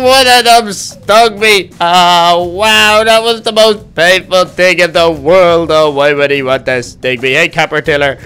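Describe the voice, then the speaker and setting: A man's voice: on the high side, pushed and bright, clean tone. A man voicing Baby Duck, a chatty, easily flustered baby duck in a Minecraft role-play, rambling to himself with lots of "oh, gosh", with faint music behind. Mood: whiny. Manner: rambling self-talk full of "oh, gosh" exclamations. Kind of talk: game role-play narration.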